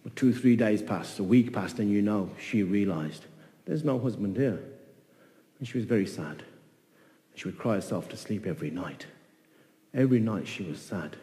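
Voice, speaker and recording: A man telling a folk tale in an animated way, repeating phrases and voicing the characters. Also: on the low side, normal speed, big-room sound. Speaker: storyteller. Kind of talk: oral folk-tale storytelling.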